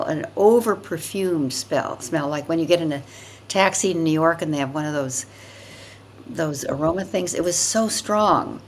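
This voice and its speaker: A woman's voice: on the low side, slight background noise. An older woman, a podcast guest, telling a personal story in a vivid, emphatic way, often repeating words for effect.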